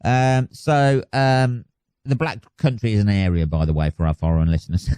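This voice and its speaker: A man's voice: fairly low pitch, fairly even intonation, moderate pace, mellow, smooth, no echo. A man hosting his own podcast alone, chatting casually in a rambling, sweary, self-mocking way. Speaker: podcast host. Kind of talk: casual solo podcast chat.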